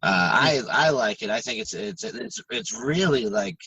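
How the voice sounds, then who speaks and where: A podcast co-host in casual chat, talking frankly and swearing freely with halting restarts, audibly stressed and upset. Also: male voice, on the high side, big pitch swings, creaky, sharp tone, breathy edge, no echo, far from the mic, dull audio.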